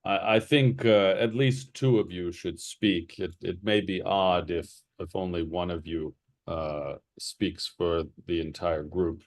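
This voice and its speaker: A man's voice: sits low, steady tone, slow, no echo. A man voicing a formal noble envoy in a tabletop game, speaking in a hesitant, courteous way.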